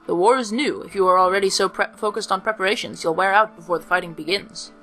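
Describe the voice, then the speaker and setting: A woman's voice: mid-range voice, quick pace, bright, forceful tone, faint music behind, lightly acted. A woman doing a quirky man who talks in third person. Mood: blunt. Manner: speaks of himself in third person. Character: eccentric cheerful male plant-loving soldier.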